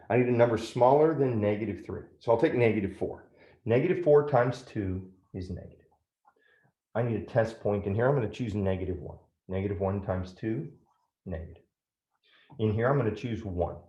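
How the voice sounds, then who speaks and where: A man's voice: lowish voice, moderate pace, dark tone, echoey room, dull audio. A man teaching a math lesson step by step, often checking in with "right?".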